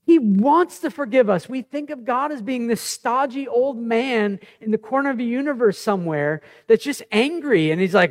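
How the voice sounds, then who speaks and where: High-voiced man preaching animatedly. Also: moderate pace, few pauses. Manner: animated, conversational preaching with personal stories. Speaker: pastor. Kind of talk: sermon.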